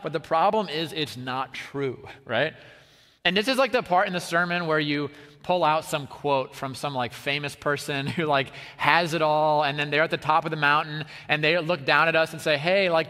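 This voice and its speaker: A man preaching a sermon in a casual, chatty way with many fillers, his voice swinging between soft stretches and lively bursts. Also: a little high. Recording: long reverb of a large hall.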